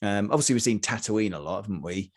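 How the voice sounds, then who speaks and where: A middle-aged man co-hosting a casual review chat, talking in halting bursts with many fillers and restarts. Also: lowish voice. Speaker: podcast co-host.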